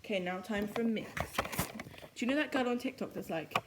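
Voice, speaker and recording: A woman's voice: medium pitch, brisk, background noise. A young British woman chatting casually while she cooks, rambling and giggling as she goes. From Britain. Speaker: vlogger. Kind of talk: casual cooking vlog chat. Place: home kitchen.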